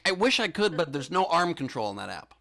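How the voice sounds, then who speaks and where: A man's voice: fairly high pitch, sing-song, brisk, vocal fry, fairly bright tone. A man hosting a comedy chat over a video call, making dry, teasing asides. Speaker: host.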